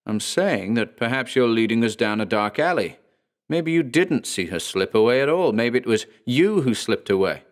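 A man voicing a paranoid man who hurls accusations, shrill and rising to a fever pitch. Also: expressive, moderate pace, close to an everyday voice. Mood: accusing.

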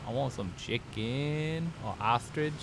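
A man giving goofy, excitable let's play commentary, trash-talking the game as he plays. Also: medium pitch, takes it slowly. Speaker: gaming host. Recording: noisy game-audio mix. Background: game sound effects and vehicles.

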